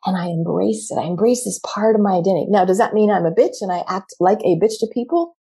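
A middle-aged woman giving a candid, animated motivational talk, acting out her own reactions as she coaches women. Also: medium pitch, fast, husky. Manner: candid and expressive, acts out quoted reactions.

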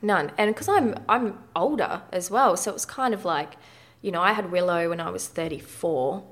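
As a guest in a candid personal interview, a woman in her thirties speaks frankly and conversationally, with mild swearing. Her pitch is fairly low and her pace moderate.

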